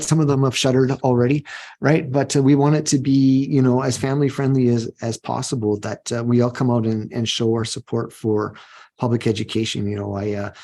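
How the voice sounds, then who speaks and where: Gravelly earnest middle-aged man. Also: medium pitch, mellow. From Canada. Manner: earnest, repeats words while thinking. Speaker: teachers' union president. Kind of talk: podcast interview.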